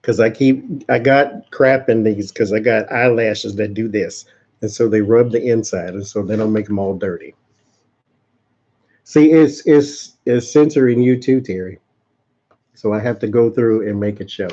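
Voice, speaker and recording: A man's voice: fairly low pitch, moderate pace, dark tone, lo-fi sound. A man hosting a casual live-stream tarot reading, chatting with viewers and laughing often. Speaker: tarot reader and channel host.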